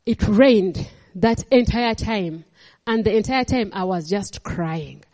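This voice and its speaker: A middle-aged woman preaching a sermon, animated and laughing as she tells stories from her own life. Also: medium pitch, slow pace, big-room sound. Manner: animated, laughing, code-switching storyteller.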